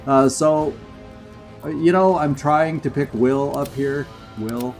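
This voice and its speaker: A man streaming a video game, chatting and commentating as he plays, getting excited and laughing often. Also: a little high, slow pace, faint music behind. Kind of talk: live gameplay commentary.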